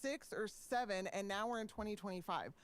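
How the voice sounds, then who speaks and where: A woman's voice: medium pitch, brisk, crowd noise. A woman appearing as a guest on a finance show, defensively explaining her living situation.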